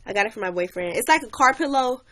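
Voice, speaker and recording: A woman's voice: a little high, animated, quick pace, a bit bright. A young woman chatting on a livestream, animatedly telling a story and greeting new viewers. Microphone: webcam or phone mic.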